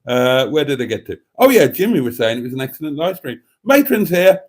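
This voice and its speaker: A man's voice: fairly high pitch, very animated, fairly quick, darkish tone. A man hosting a live stream, chatting in a theatrical, camp way, calling listeners darlings and rambling with self-mocking muttered asides. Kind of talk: casual chat reading out viewer comments.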